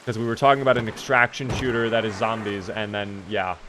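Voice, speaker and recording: A man's voice: lowish voice, steady tone, fairly quick, background noise. A man chatting casually with his live-stream chat while playing a video game, reading out and answering viewers and swearing now and then.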